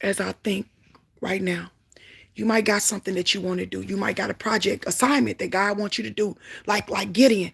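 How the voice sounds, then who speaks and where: A woman sharing a Christian testimony in a preaching style, fervent and emphatic, swinging between loud exclamations and low asides. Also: fairly even intonation, a little fast, gravelly, slightly rough. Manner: emphatic repetition.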